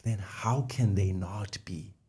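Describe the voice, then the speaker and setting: A middle-aged co-host of a conversational faith podcast explains ideas step by step, restating the key phrases. He has a low, mellow voice and takes it slowly.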